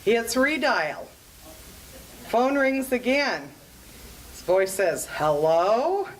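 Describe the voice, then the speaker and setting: A woman telling a comic story at a club evening, with a slow, amused delivery. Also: fairly high pitch, very animated, poor audio. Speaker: joke teller at a club event.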